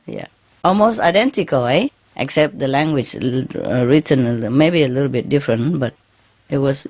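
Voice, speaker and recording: A woman's voice: deep voice, darkish tone. A woman giving an informal spiritual talk to her followers, chatty and laughing often, tagging her phrases with "yeah?" and speaking English as a second language with many fillers and restarts. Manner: non-native English grammar, frequent fillers and restarts. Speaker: spiritual teacher.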